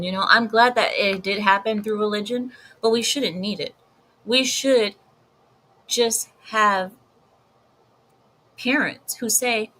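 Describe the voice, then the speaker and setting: Slow, blunt woman commentator. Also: mid-range voice, sharp tone, slight background noise, rough recording. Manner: blunt, emphatic, repeats herself for effect. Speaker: video commentator. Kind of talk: casual commentary vlog.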